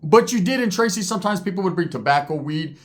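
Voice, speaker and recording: Slangy man, higher voice. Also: animated. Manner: slangy, profane, mixes in Spanish words; acts out other people's lines in quick voices. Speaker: storyteller recounting prison life. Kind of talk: casual storytelling.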